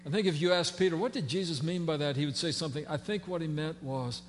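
A man's voice: fairly high pitch, fast, few pauses, in a large hall, a little hiss or hum. A man preaching a sermon as pastor, conversational and folksy, with fillers and playful asides. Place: church sanctuary.

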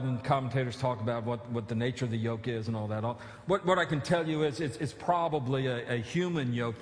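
A man pastor preaching a sermon, earnest, with emphatic pleading appeals and casual asides. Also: mid-range voice. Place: church sanctuary. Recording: echoey church hall.

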